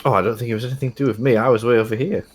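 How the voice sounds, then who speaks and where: A man playing a tabletop game, chatting quickly and jokingly in and out of character. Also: mid-range voice, steady tone, soft background music. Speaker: player. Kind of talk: casual tabletop game play.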